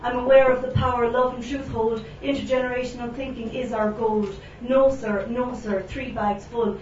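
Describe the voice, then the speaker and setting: A woman's voice: fairly high pitch, steady tone, moderate pace, hardly any pauses, very noisy. Defiant woman reciting spoken-word poetry. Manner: rhythmic, defiant, rhyming delivery. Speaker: performance poet. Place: echoey venue, live event. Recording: echoey room, distant, dull sound.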